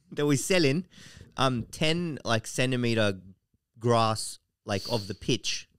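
A man's voice: mid-range voice, lively intonation, takes it slowly, a bit bright, clean tone, dry recording, clean studio sound. A man co-hosting a football chat show, joking in casual banter and drifting into a put-on Irish accent. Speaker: podcast co-host.

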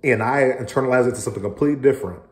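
Earnest male relationship coach, mid-pitched voice, roomy phone audio, casual tone. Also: rapid-fire. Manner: earnest, repeats words, acts out quarrels in raised voice. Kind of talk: casual monologue to camera.

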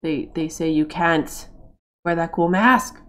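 A woman from Massachusetts chatting casually while streaming a game, going high and excited over her game cats. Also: takes it slowly.

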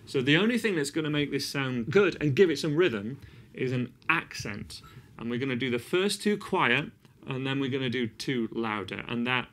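A man giving a casual guitar lesson, encouraging, counting beats aloud and singing snippets as he plays. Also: mid-range voice. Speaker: guitar teacher. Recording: loud guitar over the voice.

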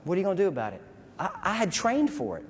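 A man's voice: high voice, huge pitch swings, very fast, breathy edge. A man telling a vivid story in a speech, acting out sounds and voices. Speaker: veteran speaker. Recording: hall reverb.

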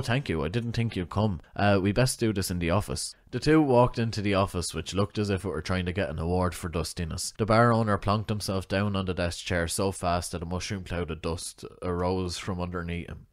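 A man narrating a comic short story with wry, deadpan asides, recorded close on a mic. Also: deep voice, no room sound.

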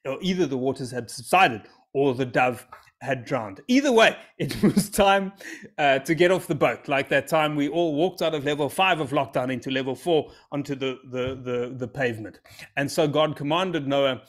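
A man's voice: mid-range voice, moderate pace. A man, telling a scripture story as a comedy routine with self-amused, rambling asides. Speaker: comic storyteller.

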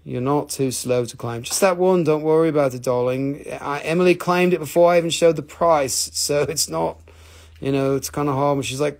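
A man with an Appalachian American accent hosting a casual live crystal sale, chatty and excitable, swearing and reading out buyer claims. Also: on the high side, a little fast. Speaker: live-stream crystal seller.

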